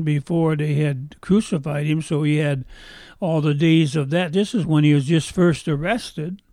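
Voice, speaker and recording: A man's voice: a little high, warm tone, no echo, clean studio sound. A man preaching a sermon, retelling a story in a folksy way and repeating phrases for emphasis.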